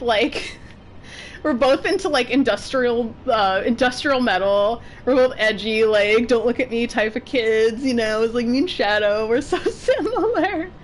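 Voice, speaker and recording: A young woman streaming a game, chatting casually and excitedly with frequent giggles. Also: on the high side, slight background noise. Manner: bubbly, giggly, chatty with many "like"s. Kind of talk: casual chat while playing.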